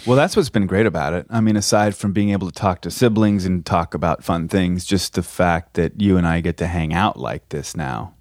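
A man's voice: low-pitched, a little fast, few pauses, darkish tone, dry recording, studio quality. A man co-hosting a podcast in casual chat, eager and enthusiastic. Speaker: podcast co-host.

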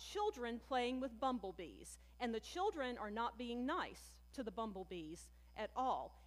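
A woman pastor preaching a sermon in a conversational, animated way, often calling her listeners friends. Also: on the high side. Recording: long hall reverb.

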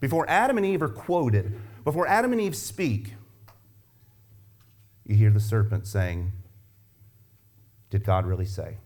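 A man's voice: fairly high pitch, wildly swooping pitch, a little slow, pauses often, darkish tone. A man preaching a sermon as pastor, emphatic and driving home points with repeated rhetorical questions.

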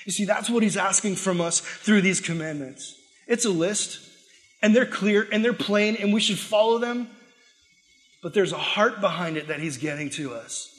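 A man's voice: high voice, normal speed, a bit bright, in a large hall. A man, a pastor, delivering a sermon in a conversational, emphatic way and acting out the prayers and complaints he quotes.

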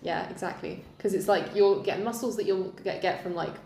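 A woman's voice: medium pitch, fairly even intonation, fairly quick, creaky, mellow, slight background noise. A young woman co-hosting a casual podcast, rambling and hedging with many fillers. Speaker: podcast co-host. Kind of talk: casual chat. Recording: echoey room.

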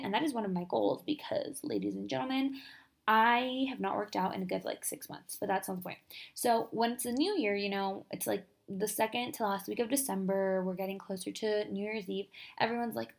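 A young woman hosting a podcast, giving a casual, upbeat motivational talk full of quick asides and filler words. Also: fairly high pitch, creaky. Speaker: podcast host.

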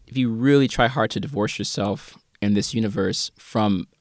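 A man in a casual film review chat, measured and analytical, often saying "you know". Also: on the low side, no room sound, studio quality.

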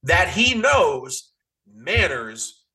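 A man's voice: on the high side, big pitch swings, very slow, bright, forceful tone. A man in casual podcast chat, retelling a movie with exasperated swearing. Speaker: podcast co-host.

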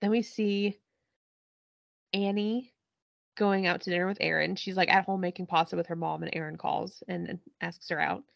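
A woman's voice: lowish voice, steady tone, moderate pace, creaky, dry recording. A woman hosting a podcast, casually chatting as she recaps a TV show, laughing often and swearing as she retells scenes. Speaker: podcast host. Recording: dull lo-fi dry recording.

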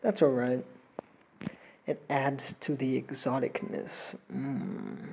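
A man's voice: mid-range voice, sing-song, slow pace, gravelly, darkish tone, breathy edge, rough recording. A young man hosting a solo podcast with a slight Latin American accent, rambling, laughing and swearing while he paces around a room. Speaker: podcast host. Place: indoors, pacing around a room.

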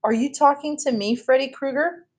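A woman voicing a taunting seventh-grade boy bully who mocks loudly. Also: high-pitched, normal speed, pitched above the performer's own voice, lightly acted. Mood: jeering. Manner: jeering, mocking.

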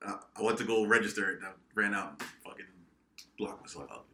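A young man co-hosting a podcast, telling a profane, animated story among friends. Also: fairly low pitch, fast, a little hiss or hum. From New England, United States. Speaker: podcast co-host. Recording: echoey room.

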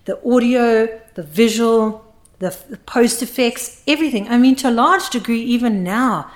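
A woman who works as a sound engineer, talking in a casual podcast chat, emphatic and animated, often laughing. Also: a little high, moderate pace.

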